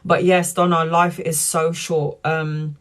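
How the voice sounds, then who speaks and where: A woman tarot reader talking earnestly to viewers on a live stream, in a chatty, warm-hearted way. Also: low-pitched, flat delivery, slow pace. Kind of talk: live-stream spiritual talk.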